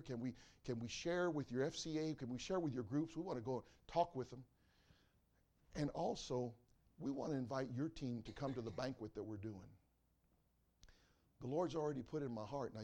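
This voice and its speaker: A man preaching a sermon as pastor, swinging from loud exclamations to quiet asides. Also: medium pitch.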